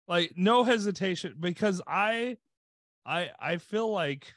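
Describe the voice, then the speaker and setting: A man's voice: on the high side, dry recording, studio quality. A man co-hosting a podcast, telling a story in casual chat with lots of "like" fillers. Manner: rambling storyteller, many "like" fillers. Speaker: podcast co-host.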